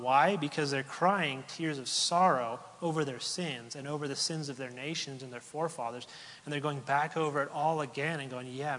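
A man's voice: medium pitch, a bit bright. Male pastor, casual sermon delivery with restarts, recorded with long hall reverb. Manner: conversational, with fillers and repeated words.

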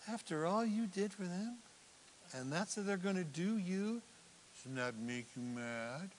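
A man's voice: sits high, expressive, measured pace, slight background noise, low-quality recording. A man voicing a sly, whispering inner voice of self-pity that coaxes and soothes. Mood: coaxing. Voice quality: hushed, coaxing.

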